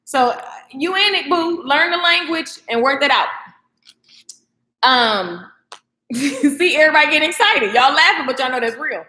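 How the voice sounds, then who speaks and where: A woman hosting a casual late-night live stream, animated and slangy, laughing often and talking straight to her viewers. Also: sits high, moderate pace, long pauses. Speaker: live stream host, beauty professional. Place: echoey room, home at night. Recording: echoey room.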